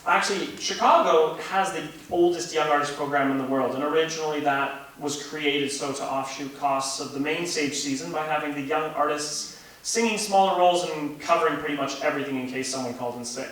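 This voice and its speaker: A young man from Canada, an opera singer, telling stories in an animated interview manner. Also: on the high side, a little fast. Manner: animated storyteller who laughs while telling anecdotes. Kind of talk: conversational interview. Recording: echoey room with faint hiss.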